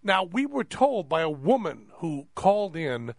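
A man hosting a casual radio chat, telling stories in an animated way and laughing often. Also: high-pitched, unhurried, dry recording, studio quality. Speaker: radio host.

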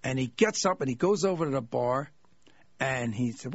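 A male comedian telling anecdotes in an animated way, acting out the people in his stories. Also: a little high, normal speed, highs cut off, slight background noise. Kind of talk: anecdotal storytelling.

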